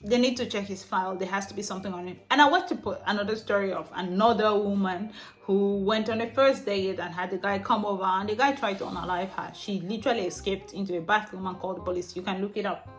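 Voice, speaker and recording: A woman's voice: medium pitch, fast, faint music behind, low-quality recording. Blunt woman host reacting to clips. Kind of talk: casual reaction commentary.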